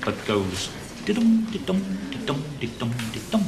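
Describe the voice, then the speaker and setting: An actor playing a teacher who lectures his class in a lively way, with hesitant fillers. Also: mid-range voice, a little fast, noisy background. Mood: lecturing. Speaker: older teacher. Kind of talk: television drama acting.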